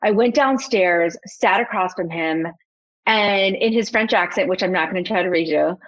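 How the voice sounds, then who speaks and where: A young adult woman, a photographer and podcast guest, telling a personal story in a lively, casual way and acting out her own past thoughts. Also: lowish voice, moderate pace, lo-fi sound. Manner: animated storyteller, quotes herself.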